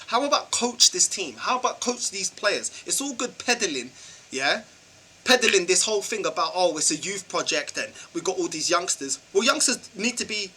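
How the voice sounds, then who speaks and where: A man's voice: high-pitched, sharp tone, husky, rough recording. A man ranting about football in a vlog, exasperated and firing off rhetorical questions in slangy talk. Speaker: football channel vlogger. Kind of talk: football fan rant vlog.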